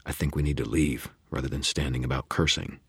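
A man doing a calm, measured male companion. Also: rumbling low, gravelly, husky, dry recording, studio quality, heavily acted. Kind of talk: audiobook reading.

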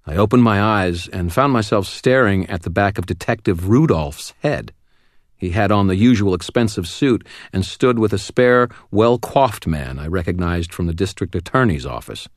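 A man narrating a first-person audiobook in a wry, steady storytelling manner. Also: low voice, moderate pace, dry recording, clean studio sound.

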